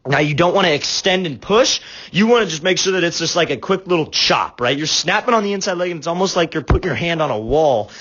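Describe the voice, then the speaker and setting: Fast-talking young male football coach. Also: on the high side, expressive, a bit bright, highs cut off. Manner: emphatic, rapid, keeps checking in with "right?". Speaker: football route-running coach. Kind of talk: film breakdown coaching.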